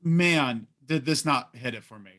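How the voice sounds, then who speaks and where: A man co-hosting a casual wrestling talk show, animated and reading live chat comments aloud. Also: mid-range voice, unhurried. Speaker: podcast co-host.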